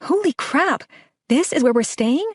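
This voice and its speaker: A woman reading an audiobook, voicing a bubbly, excitable young woman friend who gushes and teases. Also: high-pitched, fairly quick, no room sound, studio quality, voice pushed up. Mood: excited. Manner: gushing, teasing, exclamatory. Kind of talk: audiobook character voice.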